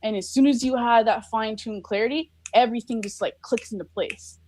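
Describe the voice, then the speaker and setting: A woman's voice: fairly high pitch, fairly quick, darkish tone, a little hiss or hum. A woman speaking as a guest on a podcast, in an earnest, reflective casual conversation full of filler likes. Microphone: recorded over a live video call.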